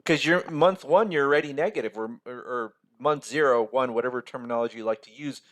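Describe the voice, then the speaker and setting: A man's voice: medium pitch, quick pace, fairly bright tone. A man with an American accent hosting a casual finance explainer, talking in a chatty, rambling way and asking "right?" often. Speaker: financial mentor, video host.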